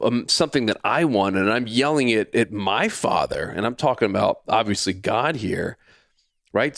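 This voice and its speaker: A man's voice: mid-range voice, no echo, studio quality. A man in his forties hosting a podcast, telling a personal story that leads into a faith lesson, repeating phrases and acting out what people said. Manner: lively storyteller who acts out quoted lines and repeats himself. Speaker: podcast host.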